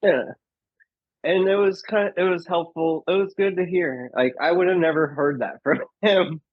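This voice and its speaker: A man's voice: high-pitched, steady tone, normal speed, no echo. Male comedian guest, rambling storyteller, laughs a lot, dry muffled lo-fi recording. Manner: chatty, filler-heavy, laughs often, acts out quotes. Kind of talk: casual storytelling. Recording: dull lo-fi dry sound.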